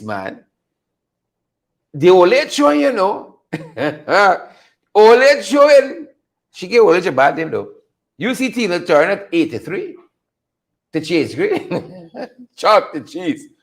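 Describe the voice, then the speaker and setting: A man hosts a casual commentary show. His voice sits very high and swings widely in pitch, and he talks slowly and deliberately. He teases, laughs often and repeats his lines for effect. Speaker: host.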